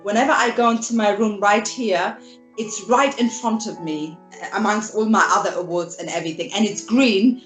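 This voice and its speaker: A woman's voice: mid-range voice, moderate pace, roomy sound, soft background music, rough recording. A woman from Germany, a filmmaker guest in an interview, speaking earnestly and from the heart, often repeating words as she goes. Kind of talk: video interview.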